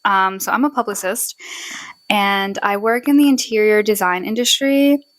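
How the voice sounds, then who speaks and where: A woman's voice: medium pitch, moderate pace, dry recording, poor audio. A woman in her twenties from Nepal, co-hosting a casual podcast chat, talking in a rambling way with many fillers and laughs. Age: 20s. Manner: chatty, filler-heavy, laughs often. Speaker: podcast co-host.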